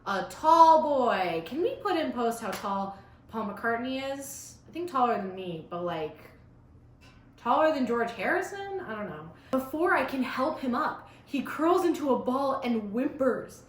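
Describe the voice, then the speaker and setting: A woman's voice: high-pitched, big pitch swings, a little slow, a little hiss or hum. A teenage girl reading her old fan story aloud, breaking off for sarcastic, chatty asides. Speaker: vlogger. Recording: roomy echo.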